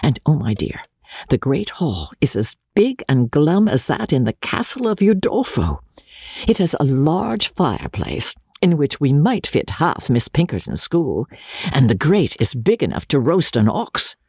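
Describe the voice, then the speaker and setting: An audiobook reader tells a first-person story told through letters, with lively, expressive delivery. The pitch roams widely, and the voice has a husky, gravelly grain. It sounds close and dry, with no room behind it. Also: unhurried, no echo. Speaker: audiobook narrator.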